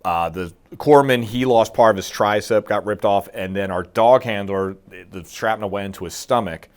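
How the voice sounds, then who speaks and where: Lower-voiced man telling a war story. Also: moderate pace. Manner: animated storyteller, acts out quotes, swears freely. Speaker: guest, military veteran. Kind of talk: casual storytelling interview.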